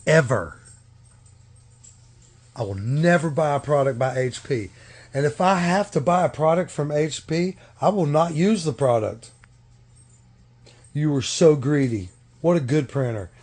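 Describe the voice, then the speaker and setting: A man's voice: fairly high pitch, moderate pace, a little mellow. Firm, emphatic man vowing never again. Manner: firm, emphatic, repeating for stress. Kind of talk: casual vlog complaint.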